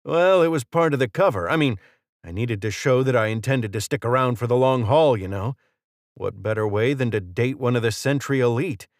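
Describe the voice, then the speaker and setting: A man's voice: medium pitch, moderate pace, no room sound, studio quality, close to an everyday voice. A man reading the lines of a cocky male federal agent in an audiobook, mocking and chatty. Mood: smug.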